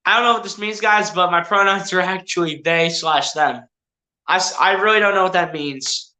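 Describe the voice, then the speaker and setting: A bright-toned streamer calls a basketball game play by play in a loose, casual way, talking straight to the players and to the chat. Mid-pitched and a little hedging, sometimes correcting names on the fly, heard in a roomy, echoey space. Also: normal speed. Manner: chatty, addresses players and viewers directly, self-correcting. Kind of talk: casual live play-by-play commentary.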